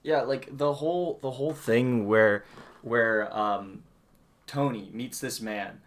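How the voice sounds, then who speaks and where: A man's voice: mid-range voice, slow. A man co-hosting a casual movie review podcast, talking animatedly with lots of restarts and frequent laughter. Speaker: podcast co-host.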